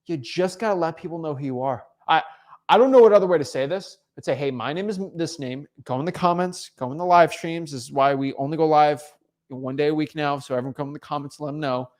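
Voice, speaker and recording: A man with a fast, higher-than-average voice and a darkish tone hosts a livestream coaching people in real estate wholesaling. He speaks bluntly and teasingly without a script, often stumbling and repeating himself.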